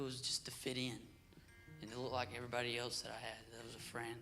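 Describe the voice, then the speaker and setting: A teenage boy giving an earnest, emotional church testimony, his voice dropping soft at moments. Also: medium pitch, completely flat delivery, quick pace, music in the background. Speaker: youth group member giving a testimony.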